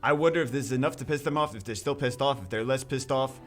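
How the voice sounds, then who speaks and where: A man hosting a gaming video, talking through a game patch in an excitable, rambling way with many restarts. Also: medium pitch, fast talker.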